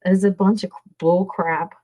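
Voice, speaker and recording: Slow-talking Louisiana woman streamer. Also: fairly low pitch, steady tone, dark tone, poor audio. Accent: Louisiana Southern. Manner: chatty, rambling, reading out viewer names. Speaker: livestream host. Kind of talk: casual livestream chat with viewers.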